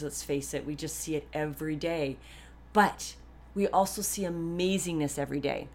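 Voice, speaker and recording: A woman hosting a podcast, talking candidly and earnestly in a rambling, chatty way full of asides and restarts. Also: deep voice. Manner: warmly earnest and grateful. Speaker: podcast host. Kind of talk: candid personal monologue.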